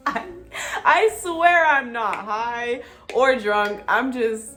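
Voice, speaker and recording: A young woman vlogging to camera in a casual, excitable way, full of slang, swearing and "like". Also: on the high side, slow. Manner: excitable, slangy and profane, with frequent "like" fillers. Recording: faint music behind.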